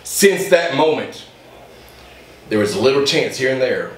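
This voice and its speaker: A male professional wrestler delivers an intense interview promo that keeps building in heat. His voice sits at an average pitch. It carries a roomy echo and is picked up from a distance. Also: lively intonation, normal speed, a bit bright. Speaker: pro wrestler.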